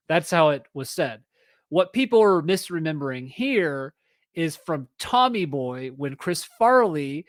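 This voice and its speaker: Podcast host, male, 30s, slightly high voice, dead-dry booth sound, rambling asides. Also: expressive, measured pace, no room sound. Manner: chatty and self-correcting, reading aloud with asides. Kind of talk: solo podcast commentary.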